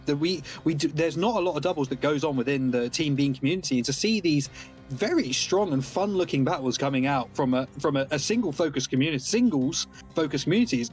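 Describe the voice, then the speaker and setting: A man giving live play-by-play commentary on a competitive game tournament, excitable and analytical. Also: on the high side, fairly quick, soft background music.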